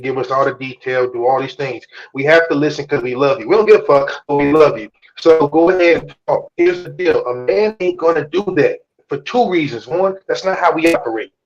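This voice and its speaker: Guy host ranting blunt and profane, kinda high voice, muffled lo-fi stream sound. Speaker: podcast host. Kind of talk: casual chat on a live stream.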